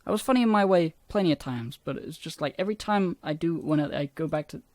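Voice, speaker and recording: A man casually rambling about his own old videos, self-deprecating and swearing often, with a somewhat squeaky voice. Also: animated, quick pace, darkish tone, no echo, studio quality.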